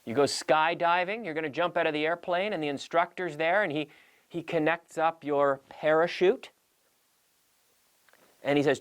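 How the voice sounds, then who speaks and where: A man hosting a language-learning show, teaching in a lively, playful way and acting out little scenes as examples. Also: a little high, normal speed, smooth. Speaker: English teacher and show host. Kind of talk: bilingual language lesson.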